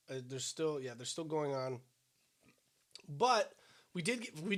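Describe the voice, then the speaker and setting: Slightly high-voiced man chatting casually. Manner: chatty, hedging with "I mean". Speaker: podcast co-host. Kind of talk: casual chat while eating.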